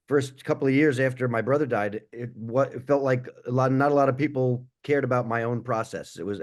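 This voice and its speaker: Earnest reflective man panelist. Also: medium pitch. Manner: earnest, reflective, trails off quietly. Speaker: panelist, comedian and podcaster.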